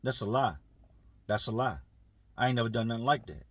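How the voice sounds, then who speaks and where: A man's voice: medium pitch, lively intonation, brisk, fairly bright tone, slightly rough, dry recording, voice pushed down. A man voicing a nervous male inmate who stammers out defensive denials.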